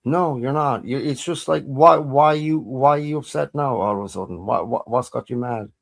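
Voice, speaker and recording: A man's voice: medium pitch, moderate pace, gravelly. A man from the UK hosting a livestream, brash and sweary, impatiently repeating himself as he grills a caller. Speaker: streamer.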